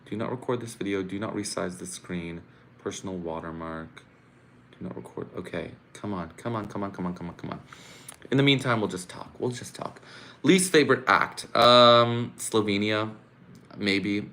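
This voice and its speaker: A man hosts a casual live stream from his room, chatting and venting with quick exclamations. His voice sits fairly low but has a bright, forceful edge. A faint hum of room noise stays under him. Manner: frustrated, chatty, exclaims and laughs at his own complaints. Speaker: live-stream host reacting to a contest. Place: home room.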